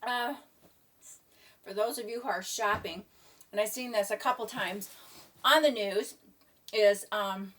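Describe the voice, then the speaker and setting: A woman's voice: medium pitch, measured pace, long pauses, a bit bright, far from the mic. A middle-aged woman chatting casually in her home kitchen, rambling and trailing off into asides. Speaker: vlogger. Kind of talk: casual chat.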